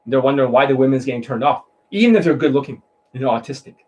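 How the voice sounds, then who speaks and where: A man's voice: mid-range voice, lively intonation, very fast, a little mellow, poor audio. A man coaching on dating in a blunt, mocking monologue, swearing often and mimicking voices to make his points.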